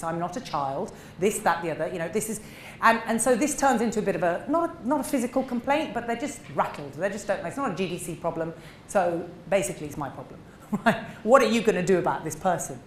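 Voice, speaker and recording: A middle-aged woman, a dentist giving a seminar talk, animated and emphatic, acting out short exchanges. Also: fairly low pitch. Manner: animated, acts out little dialogues, emphatic. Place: seminar room. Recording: echoey room with faint noise.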